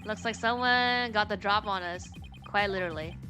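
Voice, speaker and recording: A woman's voice: mid-range voice, normal speed, music in the background, close to an everyday voice. A woman reading an eager treasure-hunting father. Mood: calm. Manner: hearty, calls everyone son. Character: gruff adventurous father, treasure hunter.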